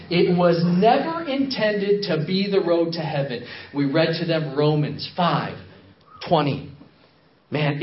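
A man's voice: on the high side, highs cut off. A man speaking as a missionary in a sermon, telling a story, acting out the quotes and repeating phrases for emphasis.

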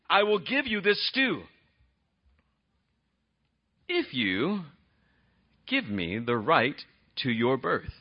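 Animated husky male preacher. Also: on the high side, dull audio. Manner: animated, conversational, asks the congregation questions. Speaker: pastor. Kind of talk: sermon.

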